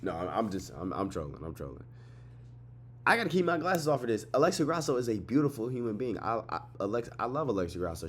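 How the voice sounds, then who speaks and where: A young man casually breaking down fights, excitable and profane, repeating himself, tired and yawning late at night. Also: on the low side, a little hiss or hum. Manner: excitable, swearing, repeats phrases, trash-talks. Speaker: MMA fight recap host.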